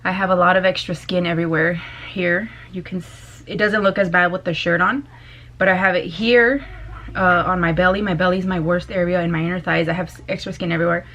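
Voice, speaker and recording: A woman vlogger chatting casually to her camera, loud and bubbly, laughing often. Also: on the low side, fairly even intonation, brisk. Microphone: compact camera.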